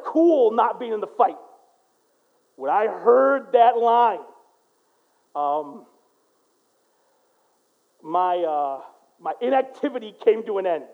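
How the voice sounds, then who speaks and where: A man preaching a sermon in a casual, animated storytelling way, dropping to a hush and then rising to loud bursts. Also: extremely high pitch, vocal fry, narrow, tinny audio. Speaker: pastor. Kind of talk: sermon with personal stories.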